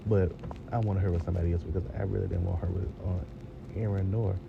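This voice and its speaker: A man's voice: deep voice, fast talker, gravelly, narrow, tinny audio. A man giving a casual, rambling TV review, talking straight to his viewers. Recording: steady background noise.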